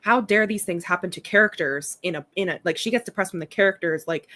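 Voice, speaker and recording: Rambling woman with a low voice. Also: quick pace, a bit bright. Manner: rambling, heavy use of "like". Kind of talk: casual chat.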